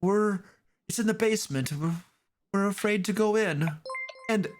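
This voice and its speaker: Man doing a small sorrowful girl, high, pleading, hushing. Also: normal speed, soft background music, lightly acted. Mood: frightened. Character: sorrowful pleading little girl in ragged finery.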